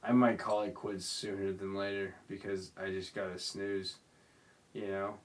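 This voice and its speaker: A man's voice: low voice, level tone, unhurried. A young man hosting a rambling solo podcast, drunk and sleepy, slurring and apologizing as he talks. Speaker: podcast host.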